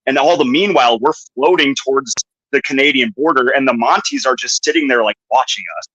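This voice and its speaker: A man's voice: mid-range voice, brisk, pushed and bright, breathy edge, no echo, poor audio. A man from Minnesota hosting a podcast, rambling through anecdotes in casual chat. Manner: rambling anecdotes with put-on voices. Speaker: podcast host.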